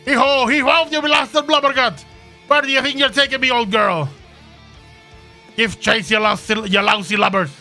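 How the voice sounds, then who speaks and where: A man's voice: sits high, moderate pace, sharp tone, soft background music. A man voicing a boastful, theatrical pirate captain in a fan voice-over of game dialogue, drawing out his words in old-timey pirate speech. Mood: furious.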